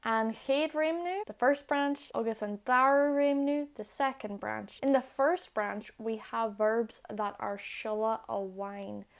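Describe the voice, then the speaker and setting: A young woman with a fairly high voice teaches a grammar lesson to camera. She explains patiently and clearly, one step at a time. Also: a little slow, few pauses. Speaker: Irish language teacher. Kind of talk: video lesson.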